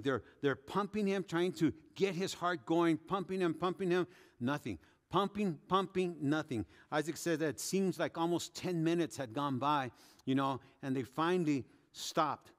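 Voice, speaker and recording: High-voiced pastor preaching in a reverberant church. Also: male voice. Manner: animated storytelling, acting out quoted speech. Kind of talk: sermon. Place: church sanctuary. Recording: long hall reverb.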